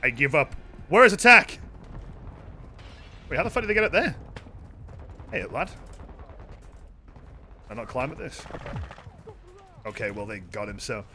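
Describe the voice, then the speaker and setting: A man's voice: medium pitch, expressive, measured pace, long pauses, background noise. A young man streaming a shooter game, chatting casually with profane, joking banter and offhand rants. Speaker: gaming streamer. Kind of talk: casual live gameplay commentary.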